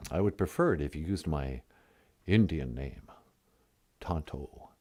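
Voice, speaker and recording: Comedy caller: man voicing a solemn, deep, mock-portentous Western sidekick, slow delivery. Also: lively intonation, darkish tone, slightly rough, heavily acted. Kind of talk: puppet comedy call-in bit.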